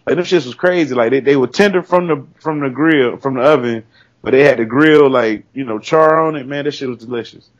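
A man's voice: medium pitch, a little fast. Laid-back rambling man, lo-fi. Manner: laid-back, rambling storytelling with slang and profanity. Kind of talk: casual chat. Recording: dull lo-fi sound.

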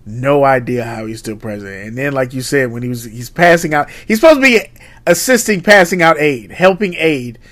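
A man co-hosting a podcast, chatting casually and profanely, often jumping into high mimicking voices. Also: lively intonation, fairly quick, fairly bright tone. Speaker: podcast co-host. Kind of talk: casual chat.

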